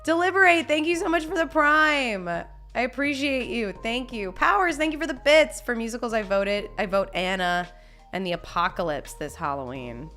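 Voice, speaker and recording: A woman's voice: fairly high pitch, lively intonation, normal speed, pushed and bright, soft background music. A young woman chatting casually on a live stream, reading chat messages, laughing often and talking with lots of restarts. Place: home.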